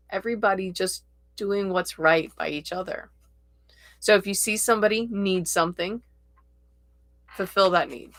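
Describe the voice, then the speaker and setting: A woman hosting a casual tarot livestream, chatting in a slow, gently encouraging way and reading viewer comments aloud. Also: mid-range voice, dry recording.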